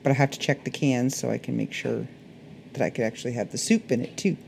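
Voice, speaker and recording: A woman with a Canadian accent, a little hoarse, rambling through a casual solo podcast chat. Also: extremely low pitch, fast, a little mellow, slight background noise. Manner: rambling, chatty, self-correcting. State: slightly hoarse. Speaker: podcast host.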